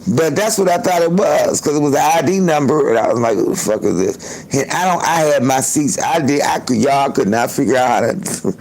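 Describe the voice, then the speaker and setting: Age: unknown. Sex: man. Role: livestream host. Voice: gravelly, a touch high. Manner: loose, profane storytelling. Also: lively intonation, fairly quick, darkish tone, poor audio. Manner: loose, profane, chatty, laughs often. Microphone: phone.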